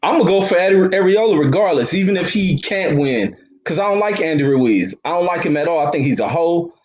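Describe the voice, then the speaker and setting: Brief: slightly high-voiced man, blunt, opinionated, casual street slang. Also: expressive, brisk, darkish tone, muffled recording. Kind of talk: casual boxing chat.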